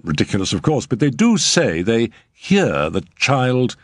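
A man's voice: huge pitch swings, a little slow, dry recording, clean studio sound. A man voicing a nervous, stammering male house agent in a story reading. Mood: anxious. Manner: stammering, hesitant, raised pitch. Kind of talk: audiobook character reading.

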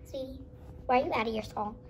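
A woman's voice: fairly high pitch, fast, natural voice. A woman voicing a protective, clingy mother horse who fusses and pleads with her son, with faint hiss behind her. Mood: fussing. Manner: pleading, fussing.

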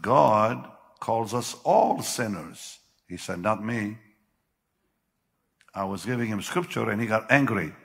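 An older man preaching a sermon, with sudden loud bursts and slow, drawn-out phrases. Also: lowish voice. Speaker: pastor. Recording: long hall reverb.

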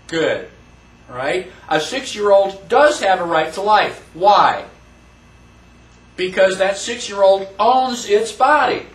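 A man's voice: high voice, a bit bright. A man teaching a class in a lecture style, emphatic, asking the audience questions. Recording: roomy, distant mic.

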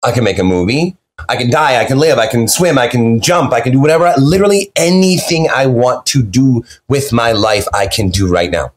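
An excitable man rambles through personal stories on a podcast, calling in remotely. His pitch jumps around a lot as he acts out each quote. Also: fairly quick. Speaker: podcast guest. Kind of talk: animated storytelling in an interview. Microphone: video call.

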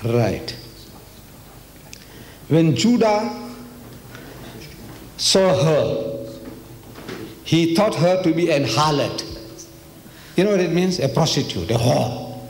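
Man, religious lecture, emphatic, rhetorical questions, slightly high voice. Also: animated, slow, long pauses, darkish tone, a little hiss or hum. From South Africa. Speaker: Islamic lecturer. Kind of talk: religious lecture to a live audience. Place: lecture hall.

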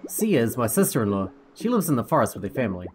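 A man's voice: mid-range voice, big pitch swings, quick pace, music in the background, natural voice. A man voicing a talkative young mother with a baby, reading game dialogue aloud in a gossipy, friendly way. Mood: chatty. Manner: gossipy, warm-hearted, talkative.

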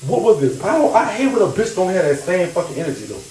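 A man ranting on a live stream, loud, taunting and profane, laughing often. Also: high voice, big pitch swings, fast talker, roomy sound, recorded from a distance, slight background noise, low-quality recording. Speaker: social media personality.

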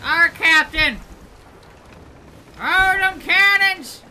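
A man putting on a yelling pirate deckhand. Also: extremely high pitch, drawn-out words, slight background noise, pitched above the performer's own voice, exaggerated voice, poor audio. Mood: rowdy battle cries. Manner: growled pirate cries. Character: rowdy male pirate deckhand in battle.

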